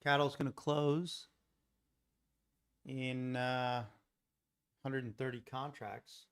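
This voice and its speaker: A man's voice: mid-range voice, steady tone, takes it slowly, smooth. A man streaming live as a futures day trader, thinking aloud as he scans markets, questioning his own trade ideas with laid-back joking asides.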